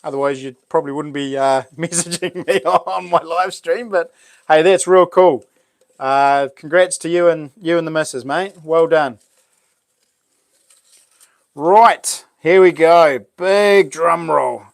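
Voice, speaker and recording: A man's voice: fairly high pitch, a little slow, dry recording, studio quality. A man with a New Zealand accent hosting a casual live stream and chatting back to viewers' messages.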